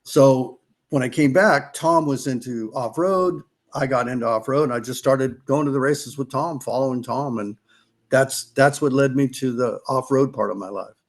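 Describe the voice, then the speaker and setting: Rambling middle-aged racer telling stories. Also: male voice, medium pitch, moderate pace. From California. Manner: rambling, restarts, acts out quotes. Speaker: podcast guest, former off-road racer. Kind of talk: casual storytelling.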